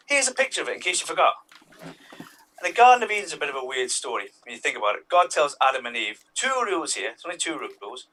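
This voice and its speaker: A man doing a stand-up comedy set over a video call, talking in an animated way and jumping into voices for his characters. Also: on the high side, quick pace, distant mic, rough recording.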